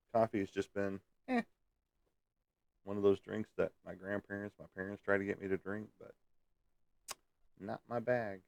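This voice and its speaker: Man, very low voice, dry close sound, folksy rambling casual chat, chuckles often. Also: vocal fry, dry recording. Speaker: livestream host reading viewer comments.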